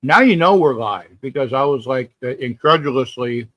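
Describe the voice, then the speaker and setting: A man's voice: mid-range voice, lively intonation, normal speed, fairly bright tone, no room sound. A man hosting a live sports talk stream, chatting casually and reading viewer comments, rambling and often repeating himself. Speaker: sports talk livestream host.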